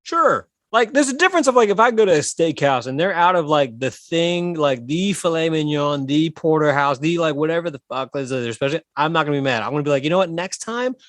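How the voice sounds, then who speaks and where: A man in his thirties co-hosting a comedy podcast, telling animated stories and swearing freely. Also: a little high, fairly quick, few pauses, dry recording. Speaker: podcast co-host. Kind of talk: casual comedic chat.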